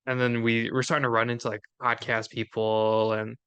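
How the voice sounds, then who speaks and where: Man co-host, bright clear voice, chatty and upbeat, golf podcast banter. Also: mid-range voice, little pitch movement, normal speed, lo-fi sound. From Minnesota. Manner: chatty, upbeat, laughs often. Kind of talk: casual chat.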